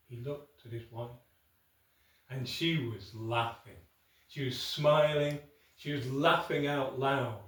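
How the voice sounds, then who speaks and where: A man telling a folk tale aloud, unhurried, with dramatic pauses and asides to the listener. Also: mid-range voice. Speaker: storyteller. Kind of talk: oral folk tale storytelling. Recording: echoey room, from far off.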